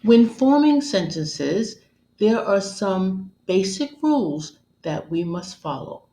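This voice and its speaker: Slow, measured woman teaching grammar. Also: mid-range voice, very animated, warm tone. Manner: measured, deliberate, instructional. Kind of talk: scripted grammar lesson narration. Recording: roomy echo.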